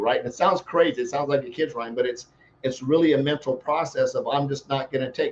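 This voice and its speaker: A man's voice: mid-range voice, a little fast, muffled recording, slight background noise. A man giving a motivational talk as a life coach, telling a folksy, rambling story built on homespun analogies.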